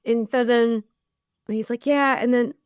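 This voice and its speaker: A woman's voice: mid-range voice, moderate pace, no room sound, clean studio sound. A woman in her forties, a bereaved mother and podcast guest, telling stories in casual chat and acting out the people she quotes. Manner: chatty, animated when quoting others.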